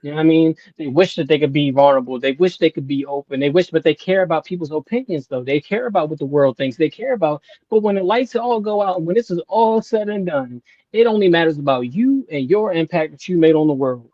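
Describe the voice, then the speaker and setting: A man's voice: fairly high pitch, quick pace, dry recording, muffled recording. Emphatic man, a podcast guest. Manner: emphatic, preachy, often asks "you know what I'm saying". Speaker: guest, music artist. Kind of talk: casual podcast interview.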